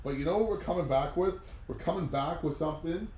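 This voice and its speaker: A man's voice: on the high side, fast talker, a little mellow, a little hiss or hum. Chatty rambling male auction host. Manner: rambling, chatty, many fillers. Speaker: live comic auction host. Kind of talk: casual livestream chat.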